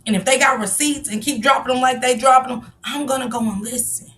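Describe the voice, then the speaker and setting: A woman's voice: sits high, a little fast, a bit bright, far from the mic. A woman giving passionate live-stream commentary, firing off rhetorical questions and sometimes raising her voice. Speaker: livestream commentator.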